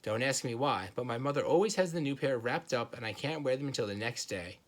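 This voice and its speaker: A man's voice: mid-range voice, lively intonation, brisk. Man reading a children's book aloud. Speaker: reader.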